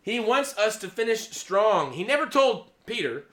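A man preaching an informal sermon, excitable, laughing, then dropping to a hushed, awed tone. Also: high-pitched, measured pace, hardly any pauses.

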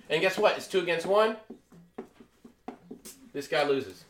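Bright-voiced preacher in an echoey room. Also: male voice, sits high, normal speed, a little hiss or hum. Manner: emphatic, swings between loud and quiet. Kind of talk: sermon.

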